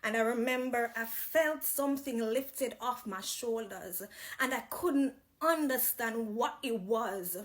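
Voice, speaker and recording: Jamaican woman, testimony speaker, unhurried, pausing and restarting as she recalls. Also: on the high side. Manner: slow, reflective, with pauses and restarts. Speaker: person giving a testimony. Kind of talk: personal faith testimony.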